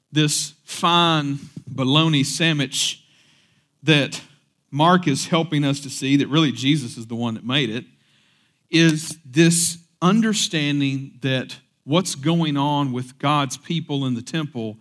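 A man's voice: medium pitch, a bit bright. A young adult man preaching a casual sermon, mixing scripture reading with joking asides, fillers and restarts. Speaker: pastor. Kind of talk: conversational sermon.

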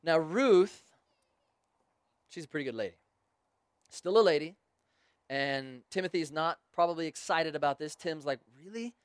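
A man's voice: a little high, normal speed, pauses often, clear, resonant tone, dry recording, studio quality. A man preaching a sermon, retelling stories casually with joking asides to the crowd.

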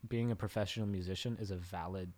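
A man's voice: low voice, fairly even intonation, fast, a little mellow. A man talking as a guest on a podcast in casual chat, agreeing with the host and adding his own views. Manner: agreeable, backs up the host with short replies.

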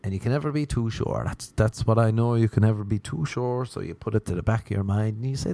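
A young man with an Irish accent doing a stand-up routine, lively, with sudden leaps up in pitch for his bits. His voice sits at a medium pitch. The sound is dry and close, with little room echo. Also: fast, hardly any pauses. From Ireland. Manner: animated, jumping to high pitch when acting out others. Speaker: comedian. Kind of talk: stand-up comedy monologue.

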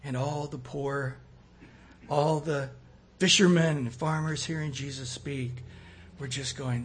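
A man preaching a sermon, acting out quoted voices and swinging between loud and soft. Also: a little high, steady tone, slow pace, long pauses, slight background noise. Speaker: pastor.

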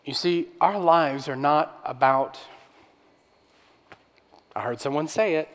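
A man's voice: mid-range voice, takes it slowly, pauses often, in a large hall. A male pastor preaching a sermon in a conversational way, with rhetorical questions and restarts.

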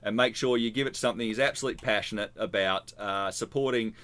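A man's voice: lowish voice, fast talker, fairly bright tone. A man co-hosting a casual sports podcast with a dry, sarcastic manner. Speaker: podcast co-host. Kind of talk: casual chat.

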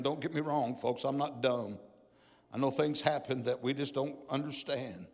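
A middle-aged male pastor giving a sermon testimony in a church, his delivery swinging from hushed to fervent. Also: mid-range voice, fairly even intonation, normal speed. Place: church sanctuary. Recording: long hall reverb.

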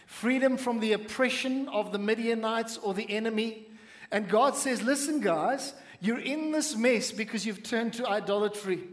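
A male pastor preaching a sermon, reading scripture aloud and breaking off into lively asides to the congregation. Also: high-pitched, moderate pace.

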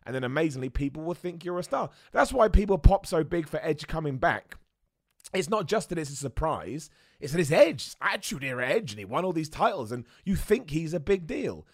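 A man hosting a wrestling show, chatting excitedly and poking fun at himself. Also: a little high, brisk, dry recording, studio quality. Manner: chatty, excitable, self-mocking with laughs. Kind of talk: casual commentary and super chat reading.

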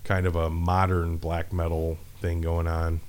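A man's voice: low-pitched, monotone, measured pace, a little mellow. A man in a casual, profane, rambling chat, talking about metal shows as a podcast co-host. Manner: laid-back, profane, rambling.

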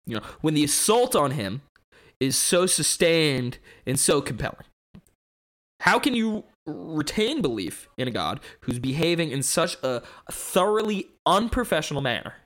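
A fiery young skeptic lecturing a bishop in a dramatic monologue, as a man performs it. His fairly high voice leaps up and down as the rhetorical questions pile up. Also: sing-song, measured pace, fairly bright tone. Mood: impassioned. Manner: impassioned, rhetorical, escalating rants.

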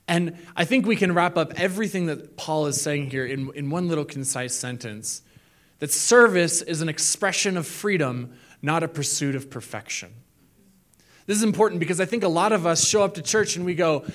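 A man's voice: on the high side, normal speed, fairly bright tone. A young man preaching a sermon in a casual, jokey way, acting out the quotes he reads. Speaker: pastor.

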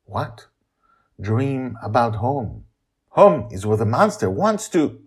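A terrified posh British man in an audio drama, his voice pushed up high and breathy as he pleads, voiced by a male storyteller. The fear never lets up and his manner stays frantic throughout. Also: big pitch swings, takes it slowly, exaggerated voice. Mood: frightened. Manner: frightened, pleading. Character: panicked posh British man trapped in nightmares.

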